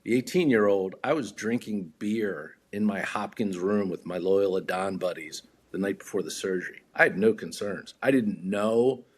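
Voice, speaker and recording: A man's voice: lowish voice, normal speed, hardly any pauses, breathy edge. A man, a podcast guest, telling a story in a casual way, acting out other people's voices and often repeating his words.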